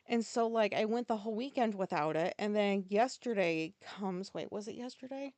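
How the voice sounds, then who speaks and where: A woman's voice: medium pitch, normal speed, few pauses, darkish tone, no room sound. A woman hosting a podcast, telling a story in a casual, rambling way, swearing freely and correcting herself as she goes. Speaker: podcast host.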